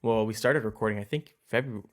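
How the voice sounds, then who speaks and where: A man's voice: fairly low pitch, fast. A man co-hosting a podcast in casual chat, easygoing and joking, agreeing readily. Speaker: podcast co-host.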